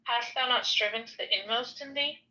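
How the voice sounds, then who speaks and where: A woman's voice: a little high, sharp tone. Woman reading archaic text solemnly, lo-fi. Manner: slow solemn recitation with stumbles over names. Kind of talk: reading a ritual text aloud.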